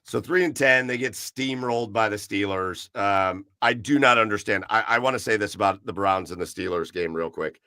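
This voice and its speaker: A man hosts a casual sports podcast with a gravelly, forceful voice that sits a little low. He rants with animation and swears now and then. The sound is dry and close. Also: normal speed, few pauses, no room sound. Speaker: podcast host. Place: garage.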